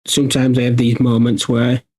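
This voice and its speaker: A man talks casually to his livestream viewers at a middle pitch. He rambles and thinks out loud, often restarting his sentences. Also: completely flat delivery, moderate pace, poor audio. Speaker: streamer hosting a workshop.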